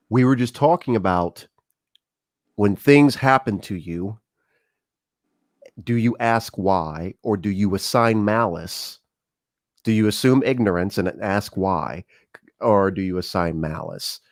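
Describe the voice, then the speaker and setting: A man's voice: on the low side, measured pace, dry recording, studio quality. A middle-aged man hosting a talk show, talking casually and telling stories with acted-out dialogue. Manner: conversational, animated storytelling with acted-out dialogue. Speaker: show host.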